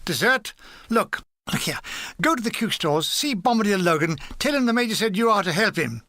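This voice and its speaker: A man voicing a pompous old army major who sputters and repeats his words, pitched higher and louder than his narration. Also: expressive, moderate pace, no echo, studio quality, exaggerated voice. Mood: blustering.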